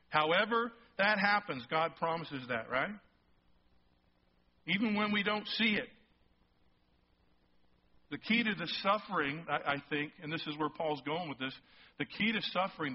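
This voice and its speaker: A male pastor preaching a sermon, emphatic and rising toward near-shouts on key points, often checking in with the congregation. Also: fairly high pitch. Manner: asks the congregation frequent check-in questions. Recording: slightly muffled sermon recording.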